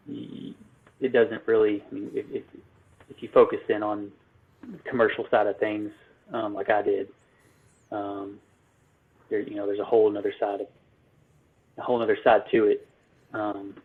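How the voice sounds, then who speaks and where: A man, an electrical business owner, answering interview questions in a halting way full of ums and restarts. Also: on the low side, flat delivery, husky. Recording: phone-like narrow line.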